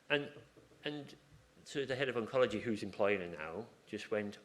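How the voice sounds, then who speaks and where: A man speaking at a conference in a fairly low voice. He talks in a loose, chatty way, wandering into asides and stories and often restarting his sentences mid-thought. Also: expressive, moderate pace, few pauses. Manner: chatty, rambling, self-interrupting with asides and restarts. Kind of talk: informal conference talk. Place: conference room.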